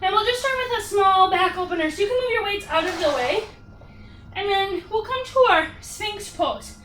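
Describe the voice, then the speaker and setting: A woman's voice: very high voice, expressive, moderate pace, a bit bright, echoey room, recorded from a distance, slight background noise. A woman leading a yoga workout class, counting reps and cheering people on with upbeat cues, getting out of breath. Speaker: yoga instructor.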